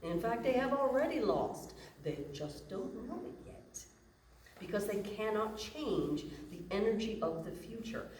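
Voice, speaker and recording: A woman's voice: mid-range voice, expressive, measured pace, a little mellow, a little hiss or hum. A woman giving a casual, playful talk to an audience as a human design teacher. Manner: casual and playful, acts out imagined inner voices. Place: room with an audience. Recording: echoey room from a distant mic.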